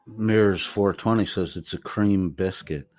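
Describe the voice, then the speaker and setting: A deep-voiced man chats on a live stream, reading viewer comments aloud and firing back at them. He rambles and swears freely in a loose, offhand way. His laptop mic picks him up dry, with no room sound. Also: measured pace, darkish tone, no echo. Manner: rambling, profane, talks back to chat. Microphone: laptop microphone.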